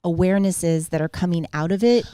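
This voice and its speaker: A woman's voice: on the low side, a little fast, warm tone, clean tone, dry recording, clean studio sound. A woman in her forties hosting a podcast in casual chat, blunt and emphatic, with frequent swearing. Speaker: podcast host.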